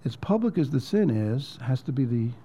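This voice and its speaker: A man's voice: mid-range voice, big pitch swings, normal speed, warm tone. A man preaching as a pastor in a conversational storytelling way, repeating words and dropping almost to a whisper at emotional points. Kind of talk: sermon storytelling.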